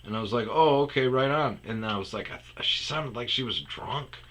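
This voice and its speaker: A man's voice: fairly low pitch, brisk, bright, forceful tone, a little hiss or hum. A man telling a rambling comedic story about a phone call, often dropping into muttered asides. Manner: rambling, restarts, drops to muttered whispers.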